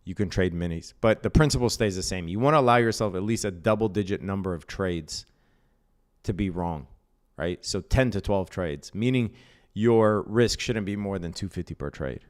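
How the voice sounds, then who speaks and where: A low-voiced man at normal speed walks through day trading on a casual live stream. Blunt and profane, he reads out what viewers post in chat, replies to them directly, and keeps asking "right?"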